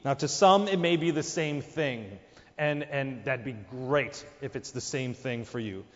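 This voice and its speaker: A man's voice: medium pitch, measured pace, fairly bright tone, big-room sound, lo-fi sound. A man preaching a sermon, emphatic, his voice jumping up for quoted lines. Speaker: pastor.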